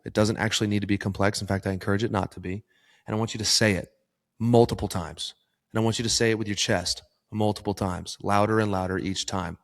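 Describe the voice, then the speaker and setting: Man, podcast host, earnest coaching talk, low voice, swears for emphasis, reverberant sound. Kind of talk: solo motivational podcast talk.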